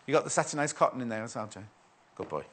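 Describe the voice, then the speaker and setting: A man's voice: mid-range voice, lively intonation, very fast, fairly bright tone. A man presenting a shopping channel, chatty and rambling, joking and reading out viewer messages. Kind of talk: live shopping channel chat.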